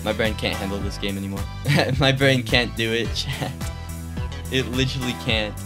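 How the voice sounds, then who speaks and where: A young man streaming a horror game, reacting with laughs, yelps and quick commentary. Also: medium pitch, music in the background. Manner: excitable, laughing, yelping reactions. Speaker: gaming streamer.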